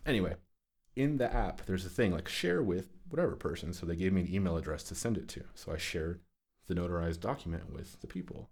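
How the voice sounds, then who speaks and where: On a podcast, a young male co-host vents through profane, exasperated storytelling in a casual conversation. His voice is low with a darkish tone, and he speaks fast and animatedly.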